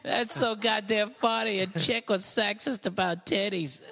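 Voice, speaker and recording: Gravelly, bright-voiced male comedian host. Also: high voice, unhurried. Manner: crude, joking. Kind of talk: casual podcast banter.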